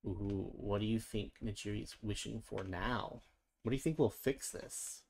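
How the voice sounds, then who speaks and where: Storybook reader, gentle and playful, chatty asides between lines. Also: mid-range voice, measured pace, vocal fry. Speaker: children's book reader.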